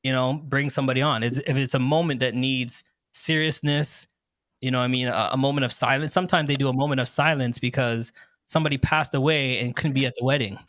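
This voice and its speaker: A man hosting a casual show, talking in an animated, joking way and laughing often, on a close handheld microphone. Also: medium pitch, fast, no room sound. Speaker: host and wedding MC. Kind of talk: casual talk show chat.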